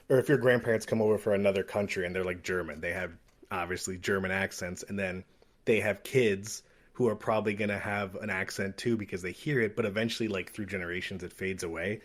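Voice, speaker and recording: Chill guy rambling on a podcast, kinda low voice. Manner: easygoing, rambling, curious. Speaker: podcast co-host. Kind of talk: casual chat.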